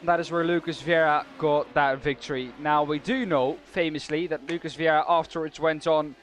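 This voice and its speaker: A man's voice: on the high side, steady tone, moderate pace, a little hiss or hum. A man co-commentating a sim race, teasing his partner in a dry way. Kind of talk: live race commentary banter.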